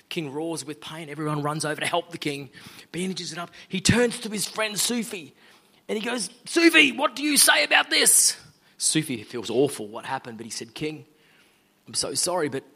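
A man's voice: on the high side, fairly bright tone, husky. A middle-aged Australian man giving an earnest, conversational sermon-style talk as a guest speaker. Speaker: guest speaker, law firm owner.

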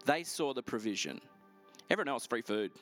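A middle-aged man preaching a sermon, telling stories in a lively, animated way. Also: medium pitch, faint music behind. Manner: lively, animated storytelling with quick asides. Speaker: pastor. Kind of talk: storytelling sermon.

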